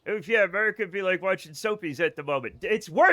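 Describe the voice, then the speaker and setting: A man's voice: sits high, fast talker, bright, forceful tone, no echo, studio quality. A man with a faded Boston accent, joking and swearing through casual gameplay commentary on a live stream and laughing often. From Boston area.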